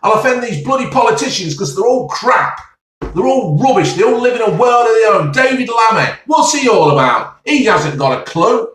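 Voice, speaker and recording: A man's voice: sits high, sing-song, normal speed, fairly bright tone. A man ranting bluntly and heatedly in a rambling monologue, swearing mildly. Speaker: vlogger. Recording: echoey, from far off the mic.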